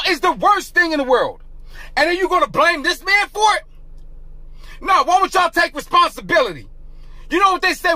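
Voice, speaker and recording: A man with a very high, bright, forceful voice delivers a fired-up political rant straight to his viewers. He repeats his lines for emphasis and swells into shouts like a preacher. The sound is close and dry, with no room around it. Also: no room sound. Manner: repetitive, preachy, rises into shouting. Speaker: political commentary vlogger.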